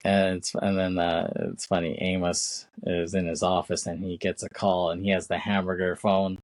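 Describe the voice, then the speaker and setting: A man's voice: low voice, little pitch movement, moderate pace, no echo. A man co-hosting a podcast, retelling a film's scenes in a rambling casual way, with many fillers and acted-out quotes. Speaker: podcast co-host. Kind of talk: casual film recap chat.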